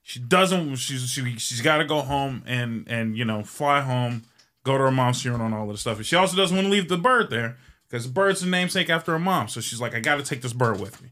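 A show host with a medium-pitched, pushed and bright voice tells a long joke quickly and with animation. He rambles casually, swears freely and fills his speech with ums.

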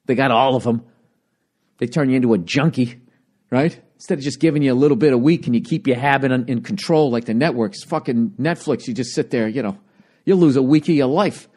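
A man's voice: medium pitch, fairly quick, a little mellow. Profane, ranting man with a cracking voice. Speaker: stand-up comedian and podcaster. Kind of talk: solo podcast monologue. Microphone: handheld recorder.

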